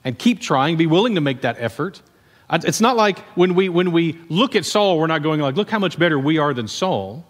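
Animated preacher in a reverberant hall. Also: male voice, on the high side, fairly quick. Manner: conversational, animated storytelling with laughs and asides. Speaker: pastor. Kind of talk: sermon.

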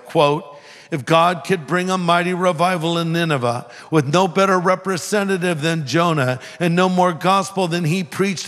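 A man preaching a sermon as pastor, earnest, sometimes acting out quoted voices. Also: a little high. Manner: earnest preaching, acts out a street preacher's yelling. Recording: long hall reverb.

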